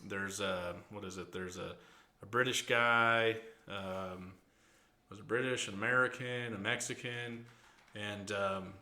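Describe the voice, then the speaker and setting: A man's voice: on the low side, fairly even intonation, a little slow, pushed and bright. A man hosting a casual podcast, chatting and telling rambling stories with easy laughter. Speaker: podcast host. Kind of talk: casual chat.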